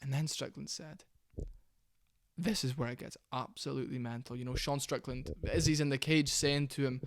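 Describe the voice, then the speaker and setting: A man giving casual, excitable to-camera commentary, blunt and full of exclamations. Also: medium pitch, moderate pace, dry recording, studio quality. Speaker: MMA commentary YouTuber.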